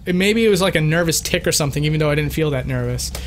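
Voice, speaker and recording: A man's voice: a little high, rapid-fire, a little hiss or hum. A young man from Boston with a light Boston accent, hosting a casual livestream, reading out donations and chatting. He laughs easily and often restarts his sentences. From Boston, USA. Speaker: livestream host.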